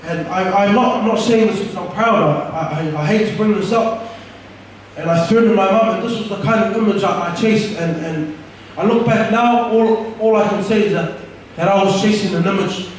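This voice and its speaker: A man's voice: high-pitched, moderate pace, slight background noise. A young man giving an earnest, candid personal testimony, often restarting his sentences. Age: young adult. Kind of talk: personal testimony told to an audience. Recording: echoey room, from far off the mic.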